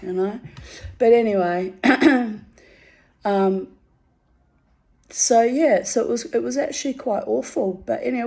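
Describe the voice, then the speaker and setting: A woman's voice: fairly high pitch, slow, creaky, long pauses, darkish tone. A middle-aged woman, telling a personal story in a candid monologue, bluntly, with swearing and rambling asides.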